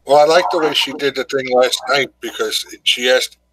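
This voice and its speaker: An easygoing man chimes in with short agreeing replies during a casual voice chat. His pitch is middle of the road. A faint hiss sits behind his voice. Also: fairly even intonation, normal speed. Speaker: voice chat participant.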